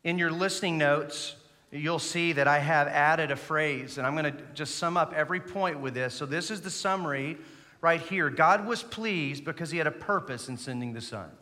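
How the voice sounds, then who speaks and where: Man, pastor preaching a sermon, earnest, fairly high voice, bright tone, church reverb. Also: normal speed. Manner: earnest preaching, leads the congregation in reciting. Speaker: associate pastor. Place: church sanctuary. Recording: long reverb of a church hall.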